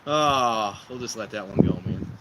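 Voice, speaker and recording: A man's voice: lowish voice, measured pace, heavy background noise. A man hosting a casual livestream outdoors by a fire pit, rambling and joking with his viewers. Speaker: livestream host.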